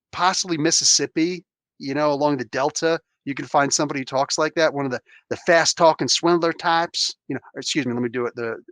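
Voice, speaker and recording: A man's voice: mid-range voice, fairly bright tone, no room sound. A man hosting a casual podcast chat who rambles with heated, restarting rants. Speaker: podcast host.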